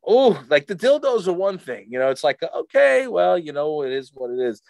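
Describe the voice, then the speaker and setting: Man, middle-aged, rambling, stop-start talk, lively pitch, dry close sound. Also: creaky, no echo. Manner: rambling, halting with many restarts. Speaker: podcast co-host. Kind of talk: casual chat.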